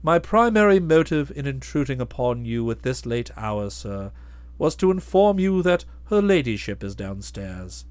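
A man voicing a deferential, unflappable valet who speaks in a measured, formal way. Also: medium pitch, big pitch swings, smooth, dry recording, lightly acted. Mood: composed. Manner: measured and formal, trailing off softly on each "sir".

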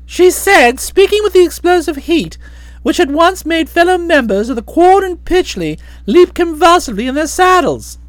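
A woman narrating a comic novel for an audiobook, playful and full of expression. Her voice sits high and moves all over the place, and the recording is close and dry. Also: expressive, moderate pace, dry recording.

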